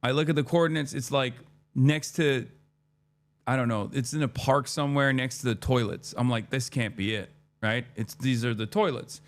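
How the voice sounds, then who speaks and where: A man in his thirties streaming, telling a casual story in a rambling, profane, animated way, quoting his own lines. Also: mid-range voice, normal speed. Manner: rambling, profane, animated retelling with quoted dialogue.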